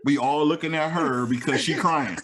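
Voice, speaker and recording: A man chatting casually as a guest, telling animated stories, acting out quotes and laughing often. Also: a little high, normal speed, crowd noise. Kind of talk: casual chat.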